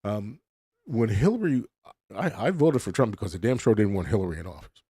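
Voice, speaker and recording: A man's voice: lowish voice, animated, fairly quick, warm tone, breathy edge, no echo, clean studio sound. A middle-aged man hosting a podcast, rambling bluntly through a casual monologue full of restarts and swearing. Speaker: podcast host.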